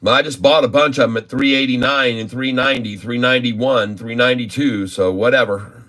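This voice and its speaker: A man's voice: medium pitch, fairly even intonation, fairly quick, fairly bright tone. Day trader guy muttering and swearing at his screen, casual vlog talk. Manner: grumbling, cursing, exasperated muttering. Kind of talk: casual live trading commentary.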